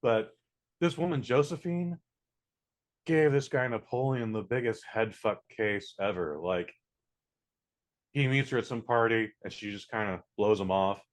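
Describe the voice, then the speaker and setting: A man's voice: on the low side, unhurried. A man casually reviewing a film on a podcast, rambling with many fillers and restarts. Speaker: podcast co-host. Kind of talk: casual movie review chat.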